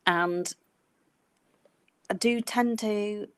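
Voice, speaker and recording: A woman's voice: medium pitch, drawn-out words, smooth, no room sound. A middle-aged woman, a nurse co-hosting a podcast, talking casually in a rambling way with many fillers. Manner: rambling, says she goes off on tangents, many fillers. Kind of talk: casual advice chat.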